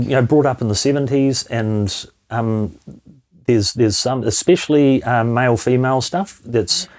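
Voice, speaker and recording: A man's voice: medium pitch, a little mellow. A man in his fifties with a New Zealand accent, a comedian telling blunt stage stories as a guest in a casual chat. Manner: blunt storytelling with frank swearing.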